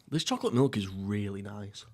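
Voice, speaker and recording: A young man from England hosting a casual solo podcast while eating, rambling through jokey, crude, deadpan stories. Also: on the low side. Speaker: podcast host. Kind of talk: casual solo mukbang chat.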